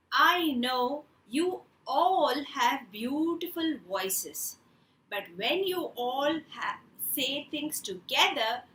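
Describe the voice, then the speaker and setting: A woman voicing a fed-up adult man who lays down a strict rule in a children's story, speaking slowly and deliberately. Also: high voice, pushed and bright, echoey room, exaggerated voice, low-quality recording.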